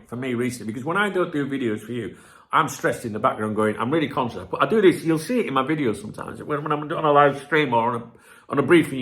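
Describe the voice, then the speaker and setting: Gravelly, animated, swearing man. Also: mid-range voice. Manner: swears a lot, animated and cheeky. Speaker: football channel host. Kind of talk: casual ranting chat to viewers.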